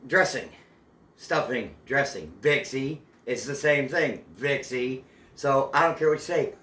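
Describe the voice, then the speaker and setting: A man's voice: medium pitch, expressive, normal speed, sharp tone. A man hosting a casual cooking demonstration at home, chatty and playful. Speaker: cooking show host. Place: home kitchen. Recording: echoey home kitchen.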